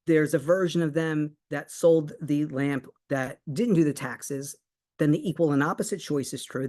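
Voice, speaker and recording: A manifestation coach giving a motivational talk and telling a personal story, earnest and emphatic, slowing right down on key points. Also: mid-range voice. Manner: animated storyteller, acts out both sides of conversations.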